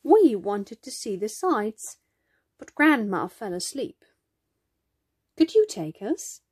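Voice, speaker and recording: A woman voicing a polite, cheerful young girl in a picture-book reading, with a bright, eager manner. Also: fairly high pitch, very animated, slow pace, husky, exaggerated voice.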